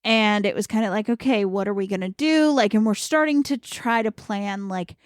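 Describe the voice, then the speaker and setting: A woman's voice: mid-range voice, moderate pace, dry recording, studio quality. A woman co-hosting a podcast in casual chat, chiming in and finishing her co-host's sentences. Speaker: podcast co-host.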